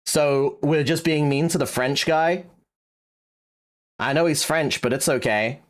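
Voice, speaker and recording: A man's voice: fairly high pitch, measured pace. A young British man streaming live, chatting casually and teasing his chat with jokes. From Britain. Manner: teasing, joking banter with chat.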